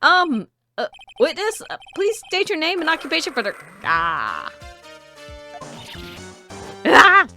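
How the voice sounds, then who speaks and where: A woman voicing a timid, flustered elderly male judge who stammers nervously in a high voice. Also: wildly swooping pitch, slow pace, long pauses, bright, forceful tone, soft background music, full character voice.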